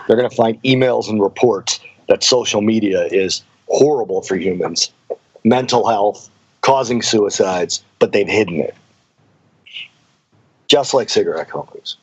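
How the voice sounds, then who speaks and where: A man's voice: on the low side, unhurried, a little mellow, husky, muffled recording. A man co-hosting an investing podcast who rants with strong opinions in a casual way. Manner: opinionated and ranting. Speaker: podcast co-host.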